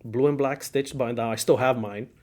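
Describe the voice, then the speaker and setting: A middle-aged man with a Cuban accent hosts a relaxed podcast chat. He tells stories with plenty of energy, laughs often and acts out what people said back then. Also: medium pitch, fairly quick. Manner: animated storyteller, laughs often, acts out quotes. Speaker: podcast host. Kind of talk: casual car-scene chat.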